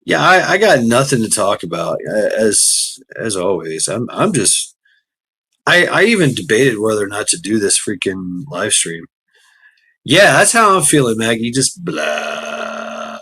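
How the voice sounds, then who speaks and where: A man's voice: sing-song, a little slow, fairly bright tone, husky. Tired, profane man hosting a livestream. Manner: profane, rambling, low-energy, greets chatters by name. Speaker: livestream host. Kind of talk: casual livestream chat.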